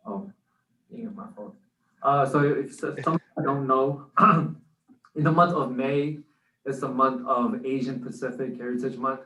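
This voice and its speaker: A man's voice: mid-range voice, fairly even intonation, unhurried, fairly bright tone, distant mic. A man co-hosting a podcast who recites his own spoken word poem in an earnest, rhythmic way. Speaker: co-host and spoken word poet. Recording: echoey room, off-mic.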